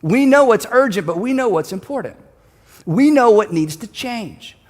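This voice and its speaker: An earnest male pastor with a notably high voice tells a scripture story in sermon style. He draws the listeners in and has them repeat a line with him. His voice rings with a long reverb, as in a large hall. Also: lively intonation, normal speed. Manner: earnest, storytelling, leads congregation in call-and-response.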